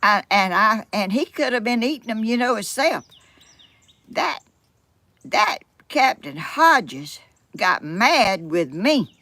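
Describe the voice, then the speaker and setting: An older Southern woman from Georgia, USA, vlogs casually to her camera at home beside a yard, rambling in a folksy way and exclaiming often. Her voice sits on the high side with big pitch swings, a slow pace, and a bright, forceful tone. The recording is dry.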